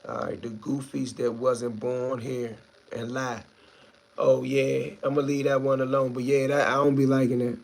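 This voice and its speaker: A man's voice: medium pitch, flat delivery, normal speed, creaky. Laid-back DC live streamer, man. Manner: laid-back, reads viewer comments aloud and answers them. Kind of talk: casual live stream chat.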